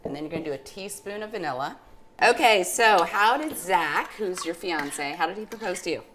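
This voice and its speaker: A woman's voice: lowish voice, expressive, normal speed, a bit bright, slight background noise. A middle-aged woman chatting casually as she demonstrates a recipe in her home kitchen. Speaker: cooking show host.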